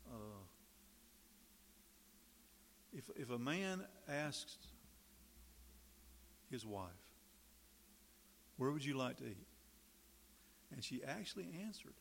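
A man's voice: mid-range voice, sing-song, slow, creaky, long pauses, a bit bright, slight background noise. A man preaching a sermon in a conversational way, acting out little quoted exchanges and asides as he explains the text. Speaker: pastor.

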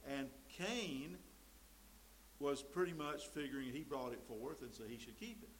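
A man's voice: mid-range voice, measured pace, low-quality recording. Emphatic male preacher, faint hiss. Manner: emphatic, rising and dropping to mimic quoted voices. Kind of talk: sermon.

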